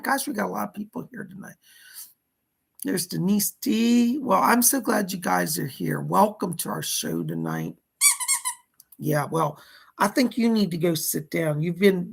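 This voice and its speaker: A man's voice: high voice, gravelly, fairly bright tone, slightly rough. A man hosting a casual psychic livestream, chatty and fussy, greeting viewers and scolding a pet companion.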